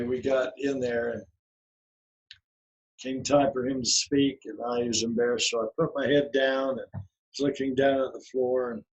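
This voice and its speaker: A man's voice: medium pitch, darkish tone, dull audio. A man in his eighties telling a long personal story as a podcast guest, folksy and rambling, with many restarts and fillers. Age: 80s. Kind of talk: storytelling in an interview.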